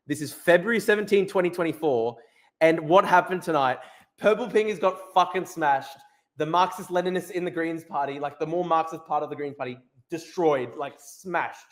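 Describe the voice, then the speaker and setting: A man's voice: high voice, echoey room. A man with an Australian accent ranting in casual, crude, mocking live-stream commentary.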